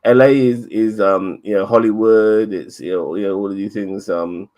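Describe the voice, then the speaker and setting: Low-voiced rambling man. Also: steady tone, normal speed, a little mellow. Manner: rambling, swears a lot, stammers and repeats words. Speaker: podcast co-host. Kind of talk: casual chat.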